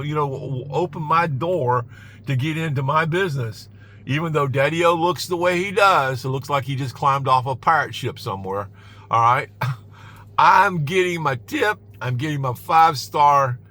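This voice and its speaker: Emphatic man with a bright voice. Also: medium pitch. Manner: emphatic, repeats "all right?" often; chuckles between points. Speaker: rideshare driver giving advice. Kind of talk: casual vlog advice. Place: inside his car.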